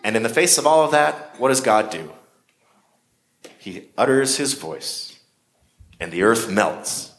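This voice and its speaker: A man's voice: mid-range voice, a little slow, long pauses, a bit bright. A man preaching a sermon in a conversational way, with shifting emphasis. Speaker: pastor.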